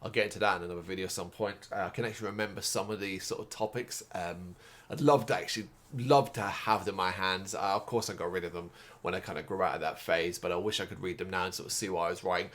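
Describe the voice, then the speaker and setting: A man's voice: sits low, steady tone, quick pace, fairly bright tone. A tired man hosting his own video, talking unscripted and wandering off on tangents, with casual swearing and plenty of fillers. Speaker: host of a music and games review site.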